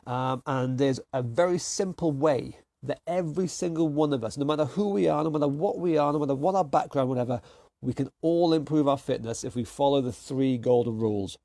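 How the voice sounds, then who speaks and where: A man's voice: mid-range voice, fairly quick, mellow, dry recording. A man leading an online fitness class, giving plain, encouraging instructions and counting down each exercise.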